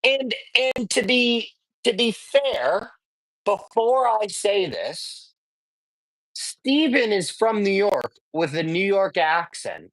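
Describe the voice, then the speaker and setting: A man's voice: high-pitched, very animated, slow pace, no echo, low-quality recording. A man hosting a sports card show, telling a story in a chatty, rambling way and often checking in with "right?". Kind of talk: casual storytelling. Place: sports memorabilia shop.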